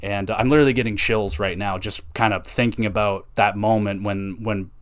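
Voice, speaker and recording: A young man with a somewhat low voice hosts a casual sports podcast. He rambles excitably, swears freely and drops "dude" and "man" everywhere. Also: moderate pace. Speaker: podcast host.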